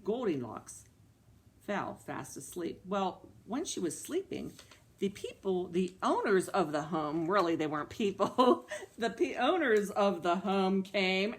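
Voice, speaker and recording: A woman librarian telling a story to young children, animated and coaxing them with questions. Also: medium pitch.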